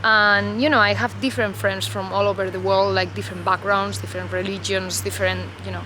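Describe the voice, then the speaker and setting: Woman vlogger, unscripted musings, meandering delivery with constant fillers, mid pitch; traffic audible behind. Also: flat delivery, brisk. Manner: reflective, loose, heavy on "you know" and "like" fillers. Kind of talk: unscripted talk to camera.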